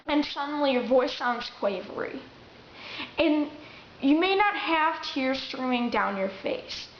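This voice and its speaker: A woman's voice: fairly high pitch, expressive, takes it slowly, slight background noise. Young woman, casual chatty vlogger; lo-fi camera audio in an echoey room. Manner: chatty, with restarts and acted-out quotes. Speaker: vlogger giving acting tips. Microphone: camera mic. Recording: roomy, dull lo-fi camera audio.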